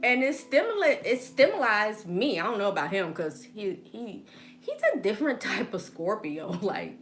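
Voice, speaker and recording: A woman with a Southern US accent telling stories in a casual chat, animated and laughing often as she acts out quotes. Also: mid-range voice, normal speed, slight background noise. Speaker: podcast host.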